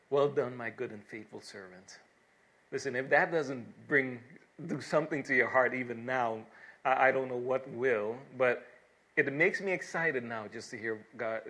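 Reading scripture and then explaining it, a preacher with a mid-range, fairly bright voice speaks earnestly, stumbling through fillers and restarts before rising into emphatic exhortation.

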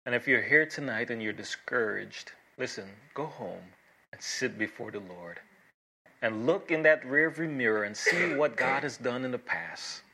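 Bright-voiced pastor preaching earnestly. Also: male voice, mid-range voice, animated, breathy edge. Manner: earnest, emphatic preaching with dramatic pauses. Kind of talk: sermon.

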